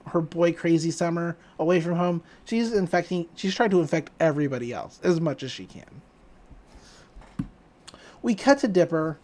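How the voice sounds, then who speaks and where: A woman hosting a podcast, casually recapping a cartoon episode with laughs and acted-out lines. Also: lowish voice. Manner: animated, laughing, acting out quoted lines. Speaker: podcast host.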